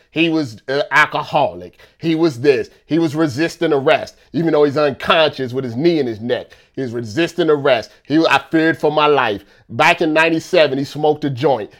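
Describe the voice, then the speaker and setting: A man talking in a casual rant, repeating himself and firing off rhetorical questions. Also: a little high.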